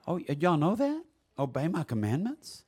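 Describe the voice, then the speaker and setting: A man preaching a sermon in a church, swinging from soft reflection to loud exclamations. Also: on the high side, huge pitch swings, normal speed, husky. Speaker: pastor. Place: church sanctuary.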